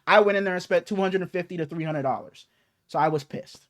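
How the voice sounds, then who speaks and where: A young man with a notably high voice, chatting on a podcast as co-host. He tells stories animatedly and swears a lot, his speech loose and unscripted. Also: quick pace. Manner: animated, profane storytelling with acted quotes. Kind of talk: casual chat, storytelling.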